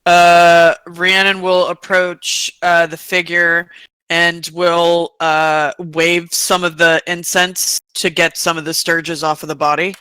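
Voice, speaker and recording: Tabletop player, bright voice, dry close sound. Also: mid-range voice, level tone, takes it slowly, smooth, no echo. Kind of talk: casual tabletop play.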